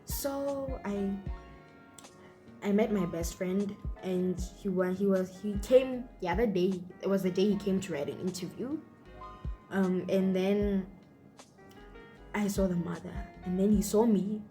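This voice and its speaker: Brief: young woman with a Botswana accent, mellow tone, chatty storytelling vlogger, faint music behind. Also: medium pitch, a little slow. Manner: chatty, full of fillers and acted-out quotes. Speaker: YouTuber. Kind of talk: storytelling vlog.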